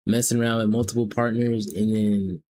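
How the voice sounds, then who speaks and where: A man's voice: lowish voice, little pitch movement, a little fast, warm tone, a little hiss or hum. A young man from the South, hosting a live stream and teasing strangers in casual, profane chat. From American South. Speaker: livestream host.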